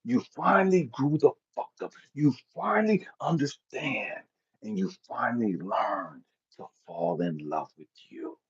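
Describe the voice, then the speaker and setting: A man giving an impassioned, profanity-laden motivational talk, swinging between loud outbursts and quiet passages with a preacher-like cadence. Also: mid-range voice, animated, measured pace, slightly rough. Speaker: motivational speaker. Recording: dull lo-fi audio.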